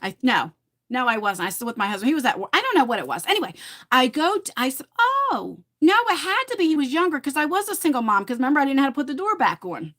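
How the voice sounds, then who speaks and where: A woman's voice: high voice, sing-song, rapid-fire, fairly bright tone. A middle-aged woman hosting a casual livestream, telling chatty stories and talking to viewers in her chat. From New Jersey. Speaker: livestream host.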